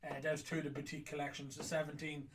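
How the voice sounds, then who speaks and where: Chatty Irish man, fairly high voice. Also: monotone, fast, noisy background. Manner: chatty, jokey, rambling. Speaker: whiskey auction host. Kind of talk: casual chat.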